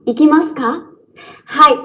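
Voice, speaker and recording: A polite young woman in a course dialogue, read by a woman actor. The voice sits high and clear, and every line comes slowly and carefully, as if for learners to repeat. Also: dull audio, natural voice. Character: polite young woman telling about her holiday. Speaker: dialogue speaker in a language-course audio clip. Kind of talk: slow, clear textbook dialogue reading.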